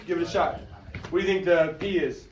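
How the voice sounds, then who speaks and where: High-pitched, energetic male teacher. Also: a little fast, far from the mic, a crowd in the background. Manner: energetic, slangy, calls on students. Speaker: high school history teacher. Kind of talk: classroom lecture. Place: classroom.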